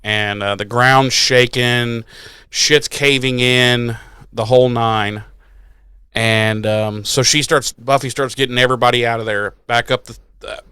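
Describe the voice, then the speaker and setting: Bright, crisp-voiced man swearing casually. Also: medium pitch, no room sound, clean studio sound. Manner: profane, wry, laughing asides. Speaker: podcast co-host. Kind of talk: casual recap chat.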